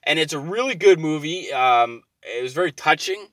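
Male storyteller, slightly high pitch, loose and profane, dry recording. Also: expressive, moderate pace, dry recording. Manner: rambling, profane, gets loud and exasperated. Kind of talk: casual storytelling monologue.

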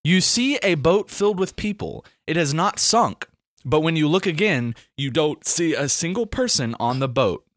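A young man from Alabama, hosting a casual podcast and reading riddles in a playful, drawn-out way. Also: on the high side, expressive, a bit bright, dry recording, studio quality. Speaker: podcast host.

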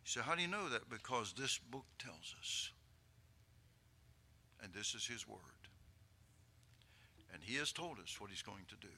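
An older male preacher delivers a sermon in a sharp, bright voice that carries well. He climbs to loud, impassioned peaks and slips in chuckling asides to the congregation. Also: fairly low pitch, lively intonation, measured pace, long pauses, husky.

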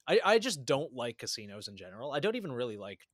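A man's voice: mid-range voice, very animated, fast. A man hosting a podcast, talking in an easygoing, wry way. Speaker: podcast host. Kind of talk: casual chat.

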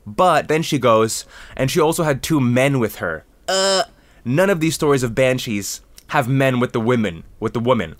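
Man, podcast host, sarcastic animated rant, dry close recording. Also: medium pitch, fairly quick, no room sound. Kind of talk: casual comedic chat.

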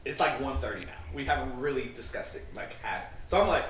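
A man's voice: mid-range voice, expressive, brisk, fairly bright tone. A male podcast co-host telling a rambling, casual story, full of filler words and acted-out dialogue. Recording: roomy, distant mic, faint noise.

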